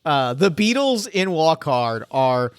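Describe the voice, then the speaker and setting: A man's voice: on the high side, sing-song, slow pace, clear, resonant tone, no echo. Laughing man on a dry podcast mic. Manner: laughs often, quotes movie lines in silly voices. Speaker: podcast host. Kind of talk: casual podcast chat.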